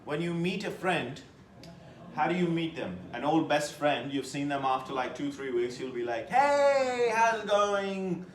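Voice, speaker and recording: A man teaching a test-prep class, lecturing with lively emphasis and putting questions to his students. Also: medium pitch, normal speed, roomy sound, a little hiss or hum.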